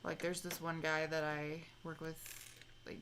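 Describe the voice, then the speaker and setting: Chatty young woman, low voice, noisy stream. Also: level tone, measured pace. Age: young adult. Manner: chatty, rambling, reads chat messages aloud. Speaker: livestream co-host. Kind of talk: casual livestream chat.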